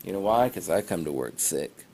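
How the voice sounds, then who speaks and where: A man's voice: low-pitched, expressive, normal speed, creaky, warm tone, slight background noise. A male teacher casually giving class announcements over a phone livestream, rambling and poking fun at himself. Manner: chatty, rambling, self-deprecating asides.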